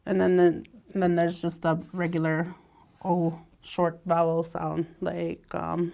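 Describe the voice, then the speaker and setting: A woman teaching a language lesson. She speaks in a relaxed way, laughs often and draws out her example words. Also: fairly low pitch, slow pace, gravelly.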